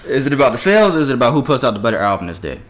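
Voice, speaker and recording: A man's voice: medium pitch, very animated, very fast, a bit bright. A man co-hosting a casual podcast, reading news aloud with offhand asides and quizzing his co-host.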